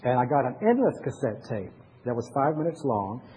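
An older man, a pastor with grandchildren, giving a conversational sermon full of pauses and restarts. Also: mid-range voice, sing-song, dark tone, husky, low-quality recording.

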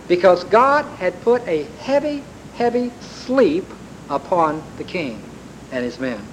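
Emphatic preacher retelling a story. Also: male voice, high-pitched, sing-song, slow, poor audio. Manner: storytelling with emphatic rises and repetitions. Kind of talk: sermon. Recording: faint background hiss.

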